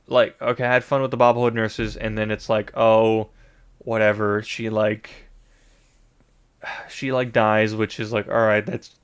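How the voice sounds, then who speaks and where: A man with a gravelly, fry-tinged voice talks through a movie review in a loose, casual way. He rambles, restarts his sentences and leans on filler words, cursing now and then. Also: on the low side. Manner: rambling, many fillers and restarts, swears freely.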